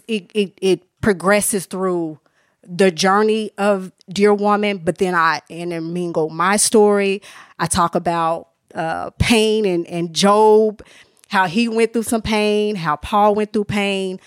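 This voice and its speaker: With a medium-pitched voice, an author and minister shares her faith story on a podcast as a guest, speaking earnestly and with emotion. Her testimony is casual and candid, full of restarts, and the sound is dry, studio-quality.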